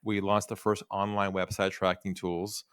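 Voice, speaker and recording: A man's voice: deep voice, normal speed, clean tone, no echo, studio quality. A man speaking as a podcast guest, telling stories and acting out bits of dialogue as he goes. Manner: animated storyteller acting out dialogue. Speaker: podcast guest, sales trainer. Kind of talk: storytelling interview talk.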